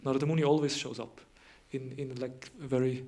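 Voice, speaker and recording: Guy giving a devotional talk, chatty storytelling, mid pitch voice, lots of you know. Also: steady tone, fairly quick, a little mellow. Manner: conversational, many fillers and restarts, chuckles. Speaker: lecturer. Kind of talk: devotional lecture, scripture storytelling.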